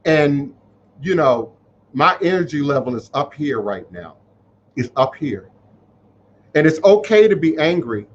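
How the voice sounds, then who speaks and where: A man speaks to his live-stream viewers in a raised, fairly high voice, preachy and openly emotional. He repeats lines for weight as he answers their comments. The sound is dull and lo-fi, with a faint hiss underneath. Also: very animated, a little slow, long pauses. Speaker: spiritual teacher hosting a live stream. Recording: muffled livestream audio.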